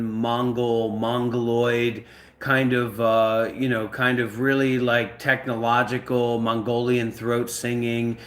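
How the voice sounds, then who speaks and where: A man's voice: mid-range voice, a bit bright. Man, host, casual rambling instructions, repetitive, pushy. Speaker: host directing a voice role-play.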